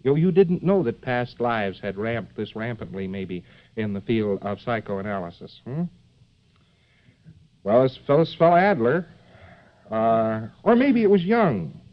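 A man lectures to a live audience in a loose, digressive way, filling gaps with "uh" and tossing out rhetorical asides. His voice sits at a middling pitch. The old recording sounds dull and lo-fi. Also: lively intonation, measured pace. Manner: joking, digressive, many fillers and rhetorical asides.

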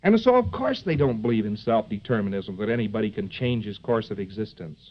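A man's voice: on the low side, animated, brisk. A man giving a rambling, joking live lecture to an audience, full of fillers and asides like "see?". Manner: joking, digressive, many fillers and rhetorical asides. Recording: dull lo-fi old lecture recording.

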